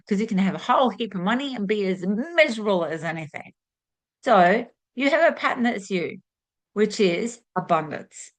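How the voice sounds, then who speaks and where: A woman giving a spiritual teaching monologue to camera, earnest and fond of repeated rhetorical questions. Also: mid-range voice.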